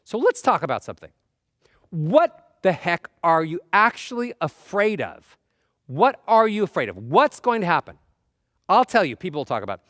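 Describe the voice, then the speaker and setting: A motivational speaker with a somewhat high voice talks at normal speed, animatedly firing off rhetorical questions and acting out the nervous voices inside a person's head. The sound is clean studio with no room sound.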